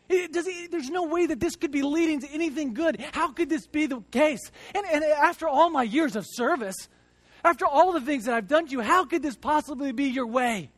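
A man in his thirties preaching a sermon to a congregation in a church, earnest, swinging between loud emphasis and hushed reflection and often repeating words. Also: extremely high pitch, no echo. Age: 30s. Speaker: church teacher.

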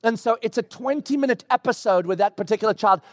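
A middle-aged male pastor preaching, telling a personal story with lively, acted-out bits. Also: high-pitched, fast talker, no echo, studio quality. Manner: animated storytelling with acted-out quotes. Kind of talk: sermon. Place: church.

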